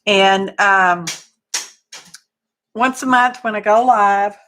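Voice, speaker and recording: A woman's voice: mid-range voice, steady tone, takes it slowly, sharp tone, slight background noise. A woman hosting a casual live craft stream, chatty and folksy, greeting viewers by name. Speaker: crafting livestream host.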